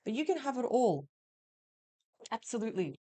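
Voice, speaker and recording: A woman's voice: fairly high pitch, big pitch swings, moderate pace, mellow. A woman giving a weekly tarot reading, talking straight to the listener in a reassuring way. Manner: reassuring, addresses the listener directly. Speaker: tarot reader.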